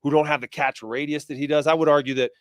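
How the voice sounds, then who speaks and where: Sports talk co-host, a man with a slightly higher voice, chatty and teasing, dry sound. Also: fairly even intonation, fast, no echo. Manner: chatty, teasing, rattles off names. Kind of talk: sports talk radio chat.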